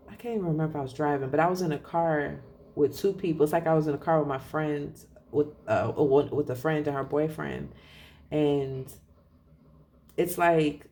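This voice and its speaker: A tarot reader chats loosely through a reading, frequently backtracking to correct themself and chuckling quietly. The pitch is medium, the pace moderate, with slight hiss or hum in the audio.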